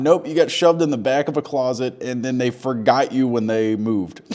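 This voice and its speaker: A man's voice: mid-range voice, steady tone, moderate pace, hardly any pauses, a little mellow. A young man delivering a crude, mock-earnest comedic monologue, rambling and swearing as he talks to the camera. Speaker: comedy vlogger.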